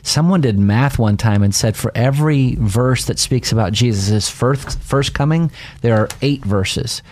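A man, a pastor co-hosting the show, leading the questions and adding quick asides in casual discussion. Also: mid-range voice, a little mellow. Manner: moves the talk along, adds quick asides. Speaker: pastor, podcast co-host.

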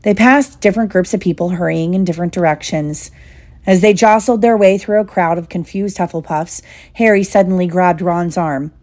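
A woman reading an audiobook in a steady, measured storytelling voice. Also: fairly low pitch. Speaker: audiobook reader. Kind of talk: audiobook narration.

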